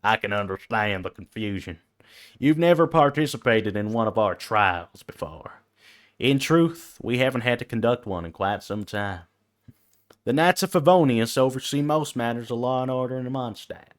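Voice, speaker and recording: Man putting on a dutiful woman knight leader, silly cowboy drawl, stately, formal, middle pitch. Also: expressive, normal speed, lightly acted. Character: stern female knight commander, formal and dutiful. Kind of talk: reading game dialogue aloud on stream.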